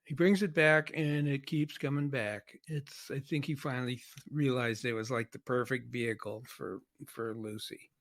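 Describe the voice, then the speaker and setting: A man's voice: mid-range voice, level tone, moderate pace, few pauses, a bit bright. A man co-hosting a podcast, chatting casually and thinking aloud with questions. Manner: thoughtful, asks questions. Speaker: podcast co-host. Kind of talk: casual chat.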